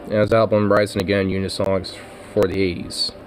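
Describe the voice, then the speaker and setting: A man's voice: deep voice, little pitch movement, a little fast, slight background noise. A man chatting casually on his own vlog, rambling and swearing, with laughs and lots of fillers. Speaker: vlogger.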